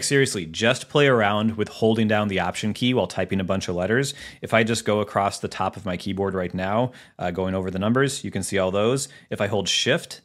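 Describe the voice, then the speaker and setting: A man with a somewhat low voice hosts a relaxed computer tutorial. He talks his way through each shortcut as he demonstrates it on screen, casual and chatty, with plenty of fillers. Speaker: tech tutorial host.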